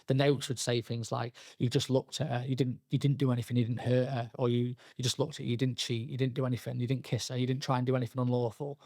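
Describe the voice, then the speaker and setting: Young guy, gravelly voice, lots of restarts and "like", dry close sound. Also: mid-range voice, little pitch movement, a little mellow, no echo. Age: young adult. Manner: halting, frequent restarts and fillers, quoting himself and others. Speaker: podcast guest. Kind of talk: candid personal storytelling.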